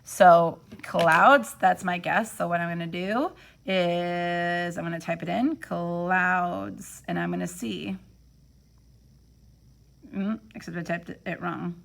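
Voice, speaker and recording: A woman's voice: on the low side, fairly even intonation, slow pace, creaky, a bit bright. A young woman teacher giving a phonics lesson from home, thinking aloud and sounding out words to encourage her students. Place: home, during quarantine.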